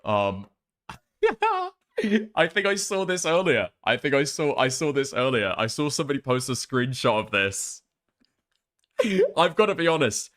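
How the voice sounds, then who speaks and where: Man, lively pitch, rambling, foul-mouthed stream chatter. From northern England. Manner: rambling, sweary, laughs often. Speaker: live streamer. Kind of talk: casual live stream chat.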